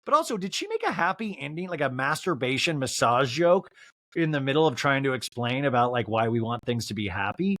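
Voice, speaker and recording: Young man, podcast host, snarky comedic recap, very animated pitch, dry close sound. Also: brisk, no echo.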